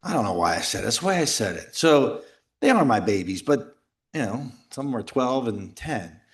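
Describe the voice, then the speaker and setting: A middle-aged man speaking at a men's retreat, telling a personal story in a jokey, animated way and acting out the voices of others. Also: medium pitch, moderate pace. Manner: animated, jokey, acts out quoted voices and shouts. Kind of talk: lively storytelling talk. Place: retreat house talk before a live audience.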